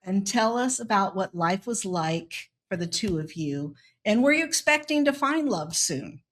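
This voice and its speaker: A woman's voice: mid-range voice, lively intonation, measured pace. A woman interviewing a couple, asking inviting questions.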